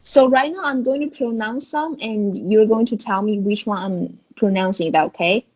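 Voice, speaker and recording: A woman's voice: mid-range voice, normal speed, a little mellow, rough recording. A woman with a Chinese accent teaching a beginner Chinese tones in an online lesson, explaining patiently step by step. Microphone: video call.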